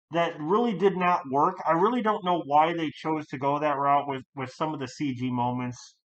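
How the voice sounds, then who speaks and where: A man giving a casual spoken movie review, rambling with many fillers and restarts, now and then bursting out loudly. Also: on the high side, muffled recording. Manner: animated, jumps to loud outbursts.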